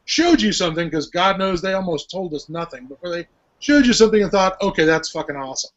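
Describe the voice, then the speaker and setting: A man's voice: high voice, lively intonation, fairly quick. A man hosting a casual podcast chat, telling stories animatedly and swearing freely. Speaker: podcast host. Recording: lo-fi podcast audio.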